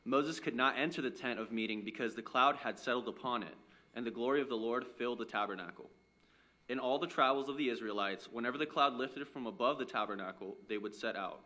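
A man reading a Bible passage aloud to a congregation in a steady, measured way. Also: mid-range voice. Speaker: scripture reader.

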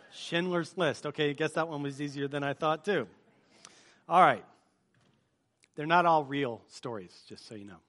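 A pastor with a somewhat high, slightly bright voice speaks at a moderate pace with long pauses during a church service before a live congregation. Opening his sermon, he runs a movie-quote game, chatting and joking as he quizzes the crowd.

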